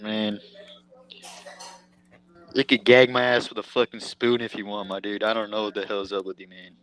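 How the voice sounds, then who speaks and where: A man's voice: on the low side, level tone, normal speed, a bit bright, low-quality recording. A young man in a heated online debate, casual and brash, laughing at the others.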